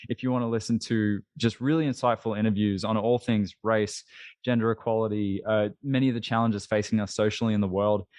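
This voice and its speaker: A man with an Australian accent, a podcast guest talking in a casual interview in an animated, emphatic and self-deprecating way. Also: lowish voice, no echo, studio quality.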